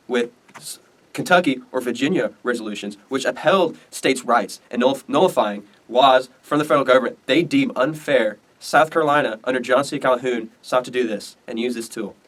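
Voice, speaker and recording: A teenage student presenter casually explaining history in a loose, rambling, slangy way. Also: male voice, mid-range voice, fairly bright tone, far from the mic.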